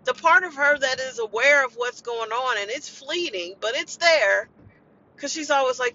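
Woman host, raw personal rant; blunt and profane, bright edgy tone, dull lo-fi sound. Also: high voice, moderate pace. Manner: blunt, emotional, profane venting. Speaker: podcast host and family caregiver. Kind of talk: impassioned personal monologue. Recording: dull lo-fi recording.

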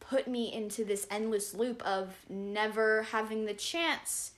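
A young woman hosting a podcast chats casually with a friend, rambling and using plenty of fillers. Her voice is mid-range, and she speaks at a measured pace.

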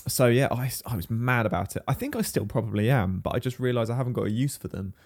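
A man chats on a homemade tech podcast, recorded in a spare bedroom. He rambles and jokes, and speeds up in quick bursts. His voice sits at an average pitch for a man. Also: expressive. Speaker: podcast co-host. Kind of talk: casual tech podcast chat.

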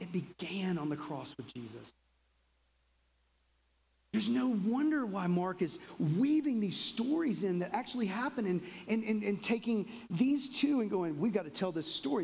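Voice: medium pitch, unhurried, gravelly, big-room sound, low-quality recording. Pasteur à l'canadien, prêche sur un ton de conversation, longue réverbération d'une salle d'église. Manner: conversational, acts out quotes in lively voices. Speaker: pastor. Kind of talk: sermon.

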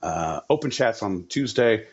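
A man's voice: on the low side, animated, a little slow, highs cut off. A man co-hosting a casual comedy podcast, riffing jokes and teasing his co-host with plenty of swearing. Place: home setup in Southern California.

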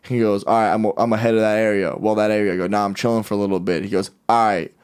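A man in casual podcast banter. He is an animated storyteller who jumps into other people's voices as he tells a story. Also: fairly low pitch, quick pace, smooth. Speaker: podcast host. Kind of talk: casual chat.

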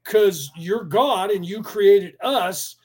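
A man's voice: sits high, slow pace, breathy edge. A man delivering a rambling, profane monologue, full of rhetorical questions and sudden bursts of speed.

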